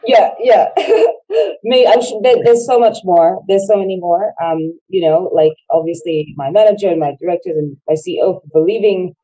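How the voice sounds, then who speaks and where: Laughing woman co-host, husky low voice. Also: a little fast, few pauses, highs cut off. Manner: warm, chatty, laughs often. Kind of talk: casual online chat.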